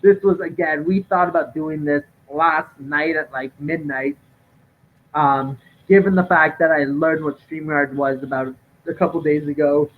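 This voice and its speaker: A man co-hosting a casual live stream from home, chatting in a relaxed way with frequent fillers. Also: fairly high pitch. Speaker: co-host of a live draft stream. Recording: tinny lo-fi stream audio with faint noise.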